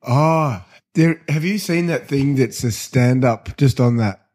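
A man's voice: medium pitch, measured pace, darkish tone. A man co-hosting a podcast in casual chat, dropping short dry quips. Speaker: podcast co-host.

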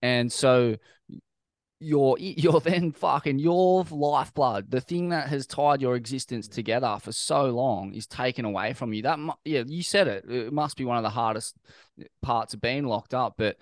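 Australian male host, relaxed rambling questions, mid pitch, dry close mic. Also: normal speed, dry recording. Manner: laid-back, rambling questions with swearing. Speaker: interview host. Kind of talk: casual interview.

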